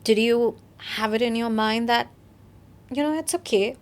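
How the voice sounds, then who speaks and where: A woman hosting a podcast, asking attentive, gentle questions. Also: on the high side, normal speed. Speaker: podcast host. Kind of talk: interview.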